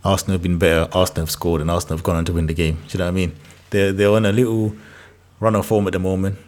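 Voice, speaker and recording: A man co-hosting a football podcast in casual banter, animated and exasperated, laughing often. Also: deep voice, rapid-fire. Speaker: podcast co-host.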